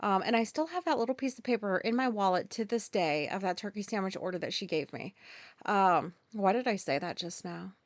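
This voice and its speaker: A woman's voice: medium pitch, animated, a little fast, no echo. A woman in her forties hosting a podcast, telling a story in a rambling way, full of fillers and restarts. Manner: rambling, filler-heavy, self-interrupting. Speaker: podcast host. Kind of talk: casual storytelling monologue.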